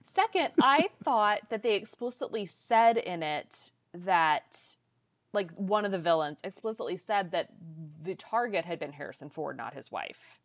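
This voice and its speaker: Lower-voiced woman on muffled audio. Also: sing-song, measured pace. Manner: chatty, recounting at length with fillers. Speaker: podcast co-host. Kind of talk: casual chat.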